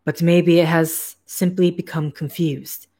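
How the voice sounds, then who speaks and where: A woman voicing a small, frail male scientist in a put-on German accent; he is devout and earnest and speaks in a formal, halting, pleading way. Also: on the high side, level tone, a little mellow.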